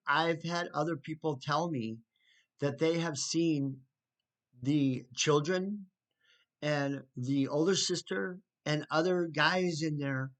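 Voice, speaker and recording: Talking casually to camera, a man from the United States relates an unhurried account of a neighbor conflict. His tone is fairly bright and his pitch slightly high for a man; he sounds indignant, adds sarcastic remarks, and frequently stops to begin a thought again.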